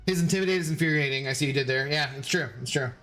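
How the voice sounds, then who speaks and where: A man's voice: on the high side, rapid-fire, sharp tone, faint music behind. A man streaming a game, rambling casually and answering viewers' chat messages as he plays. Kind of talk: casual live-stream chat while gaming.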